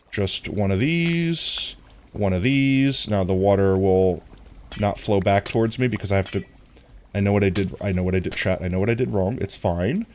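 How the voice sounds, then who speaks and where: A man's voice: on the low side, a little mellow, slight background noise. A man streaming a game, chatting casually with his viewers, with a somewhat nasal voice. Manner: chatty, talks to viewers while playing. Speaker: livestreamer.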